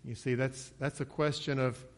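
A man's voice: level tone, moderate pace. A man preaching an expository sermon in a conversational way, acting out the quoted lines in a lifted voice. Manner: conversational, acts out quotes with raised pitch.

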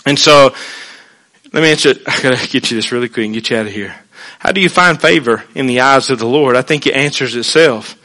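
A man preaching a sermon in an earnest, conversational way, swinging between hushed and emphatic, with folksy asides. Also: mid-range voice, a little fast, poor audio.

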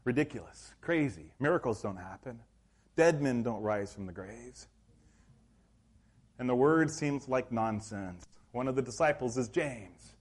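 A male pastor preaching a sermon in a church, telling the story in a lively, acted-out way. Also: medium pitch, normal speed. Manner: animated storytelling, acts out scenes.

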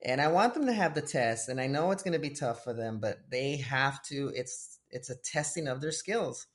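A man who coaches tennis, chatting casually about faith and telling lively stories with acted-out voices. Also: mid-range voice, normal speed. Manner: animated storytelling, acts out voices of kids and God. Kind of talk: casual faith-based conversation.

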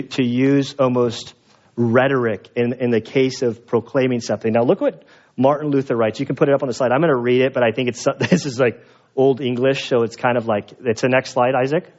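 A man preaching a sermon as pastor, telling stories in an animated way and acting out the voices of the people in them. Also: mid-range voice, dull audio. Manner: animated storyteller, acts out quoted voices. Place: church.

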